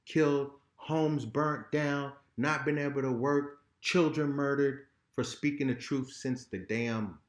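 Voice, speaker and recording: A man's voice: mid-range voice, steady tone, takes it slowly, hardly any pauses. A man talking candidly as a podcast guest, blunt and heated, with frequent swearing. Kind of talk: raw candid conversation. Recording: roomy echo.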